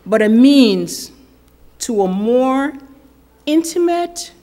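A woman preaching a sermon, measured and earnest, leaving long pauses for effect. Her voice sits a little high, and she takes her time over every phrase. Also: lively intonation, warm tone. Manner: slow, deliberate and earnest, with dramatic pauses. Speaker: speaker at a women's ministry gathering.

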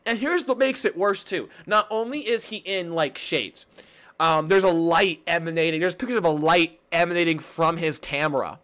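A young man co-hosting a casual sports podcast, excitable and giggly, tripping over and repeating his words. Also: fairly high pitch, moderate pace. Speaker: podcast co-host.

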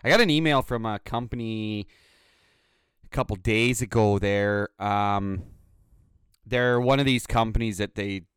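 A man hosts his own podcast and rants sarcastically, swearing freely. His voice is smooth and clear, and the sound is dry and close, with no room echo. Comic contempt runs through his talk. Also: on the low side, unhurried, pauses often, fairly bright tone. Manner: profane, sarcastic ranting. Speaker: podcast host. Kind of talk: solo podcast rant.

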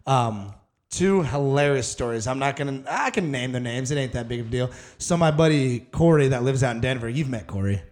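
A man's voice: mid-range voice, animated, fairly quick, a little mellow. A man co-hosting a casual podcast, telling long, rambling stories full of swearing and acted-out quotes. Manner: rambling, profane storyteller, acts out quotes. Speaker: podcast co-host. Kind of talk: casual chat, storytelling.

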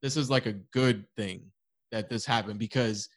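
A young man, co-hosting a casual podcast chat, swearing freely and telling animated stories. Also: lowish voice, normal speed, no echo. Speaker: podcast co-host.

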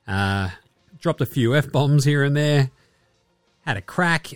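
A man's voice: fairly high pitch, very animated, moderate pace, pauses often, no echo, soft background music. An Australian man in his thirties hosting a casual sports podcast, chatty and swearing a lot as he acts out quotes. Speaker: podcast host.

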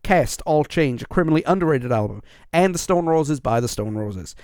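A man hosting a podcast on his own, reading out listener lists in a casual, upbeat way with quick asides. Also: a little high, animated, darkish tone, dry recording, clean studio sound. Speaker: podcast host. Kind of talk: casual solo podcast chat.

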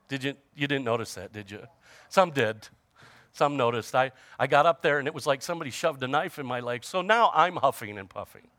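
A man's voice: a little high, sharp tone, no room sound. A man preaching a sermon, chatting with the congregation, joking about everyday trouble and reading scripture aloud. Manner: conversational preaching with humor and audience call-outs. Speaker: pastor.

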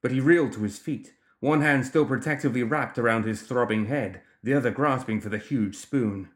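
An audiobook narrator reading a story with expressive delivery. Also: mid-range voice, a little fast. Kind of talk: scripted narration.

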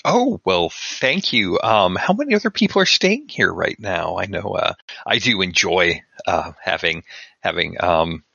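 A man's voice: low-pitched, very animated, unhurried, creaky, pushed and bright, breathy edge, no room sound, highs cut off, full character voice. A man voicing a polite, fussy traveling artist who talks hesitantly, full of ums.

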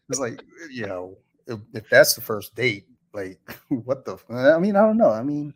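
A man's voice: mid-range voice, sing-song, a little slow. A man hosting a podcast in casual chat, easygoing, laughing often and swearing casually. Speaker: podcast host.

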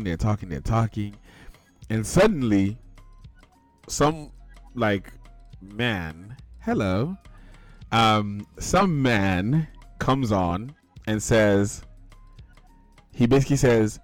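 A man hosts a casual rant podcast, his voice sitting on the low side. He tells stories with laughter and bursts into acted-out quotes, and the sound is dry, with faint music underneath. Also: dry recording. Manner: animated storytelling, laughing, acting out quotes. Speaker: podcast host. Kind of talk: casual ranting chat.

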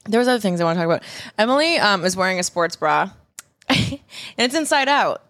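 A woman's voice: medium pitch, expressive, a little fast, fairly bright tone, no room sound, clean studio sound. Crude, laughing woman in her twenties. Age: 20s. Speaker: podcast co-host. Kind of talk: casual chat.

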